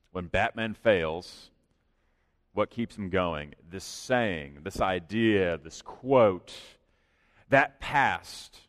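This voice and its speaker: A pastor preaching in a church, with an earnest, conversational delivery that rises for emphasis. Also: male voice, on the low side. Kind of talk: sermon. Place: church sanctuary. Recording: long reverb of a large hall.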